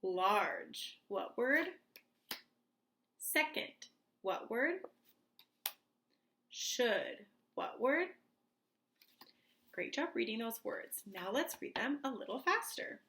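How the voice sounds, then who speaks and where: A woman teacher speaking slowly and clearly to young children in a reading lesson, leading the class through words to repeat. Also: a little high, big pitch swings, pushed and bright. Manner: slow, clear and encouraging, like a teacher to small kids.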